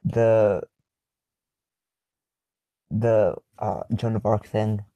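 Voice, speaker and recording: A man's voice: on the low side, steady tone, drawn-out words, dry recording, lo-fi sound. A young man hosting a casual livestream, reading chat questions aloud and answering in a rambling, blunt way full of ums and swearing. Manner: rambling, filler-heavy, blunt and profane.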